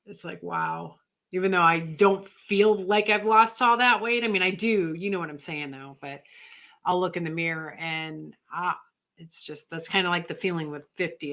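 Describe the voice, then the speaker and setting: A woman's voice: on the low side, fairly bright tone. A woman in her fifties, co-hosting a live question-and-answer chat, rambling and tired. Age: 50s. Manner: rambling, chatty, laughs easily. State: tired, yawning. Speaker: co-host.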